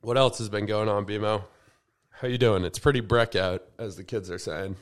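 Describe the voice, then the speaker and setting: A man's voice: lowish voice, steady tone, moderate pace. A man co-hosting a podcast in laid-back, teasing casual chat. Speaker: podcast co-host.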